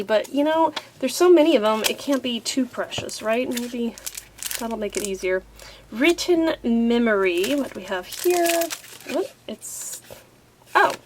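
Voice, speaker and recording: A woman's voice: fairly high pitch, background noise. A woman talking casually as she unboxes craft papers and stickers, thinking aloud and delighted by each piece. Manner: chatty, easily delighted, thinks aloud with many fillers. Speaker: craft vlogger unboxing a subscription box.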